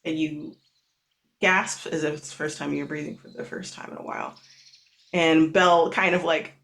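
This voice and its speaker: A storyteller narrating a tabletop role-playing game in a soft, halting way with many fillers. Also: medium pitch, steady tone, vocal fry.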